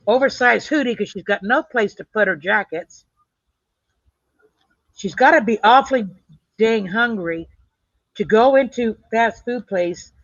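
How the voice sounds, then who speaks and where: A woman's voice: on the high side, fairly bright tone. A woman speaks bluntly and tough, dropping a casual curse as she tells her stories. The recording is dull and lo-fi, with a dry, close sound and no room echo. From United States. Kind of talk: casual chat, personal storytelling.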